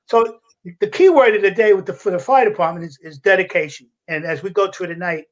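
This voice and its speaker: An older man, a retired fire captain telling gruff, animated stories as a podcast guest. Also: high voice, brisk, highs cut off. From United States. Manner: animated storyteller with a gruff, salty edge, acting out voices and laughing. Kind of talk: casual storytelling.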